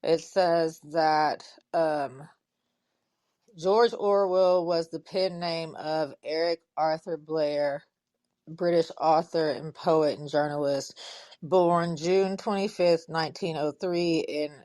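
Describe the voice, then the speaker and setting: A woman on a podcast, casually reading facts off a screen, with fillers and pauses as she looks things up. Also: deep voice, a little mellow, dry recording. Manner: reads out facts haltingly with fillers.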